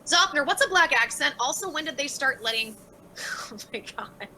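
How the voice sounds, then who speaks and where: High, lively, sharp-voiced woman streamer. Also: normal speed, slight background noise, rough recording. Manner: blunt, profane and exasperated. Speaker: livestreamer reading chat. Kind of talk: casual livestream chat.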